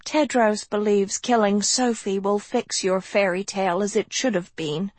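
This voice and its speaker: A woman reading an audiobook, voicing a gentle, fretful older female professor who speaks softly with sighs. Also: mid-range voice, steady tone, measured pace, no room sound, close to an everyday voice. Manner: soft, sighing, a little airy.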